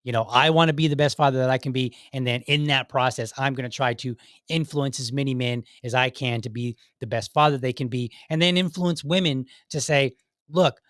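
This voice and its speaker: A man hosts his own show in a loose live-stream chat, rambling and circling back with fillers and restarts. His voice sits at a middle pitch. The recording is dry and close, with no room sound. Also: steady tone, a little fast, a bit bright, no echo. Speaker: podcast host. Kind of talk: casual live-stream talk.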